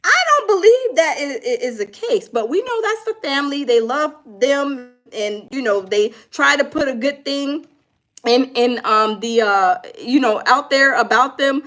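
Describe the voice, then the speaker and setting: Addressing her viewers, a commentary host with a bright, high voice discusses crime news casually and animatedly at a measured pace. She sounds preachy yet conversational, dropping in mocking imitations of other people.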